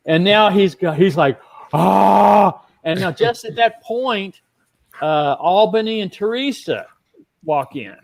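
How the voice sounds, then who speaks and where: A man's voice: sits high, expressive, unhurried. A middle-aged man, a guest magician, telling a backstage story with animation and acting out other people's lines.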